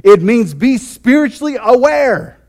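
A man's voice: extremely high pitch, expressive, unhurried, darkish tone. A man preaching a sermon as pastor, fervent and emphatic, often repeating and restarting his phrases.

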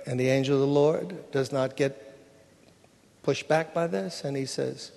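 High-voiced man preaching in a ringing hall. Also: fairly even intonation, normal speed, vocal fry, darkish tone. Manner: conversational storytelling, acts out dialogue. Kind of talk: sermon.

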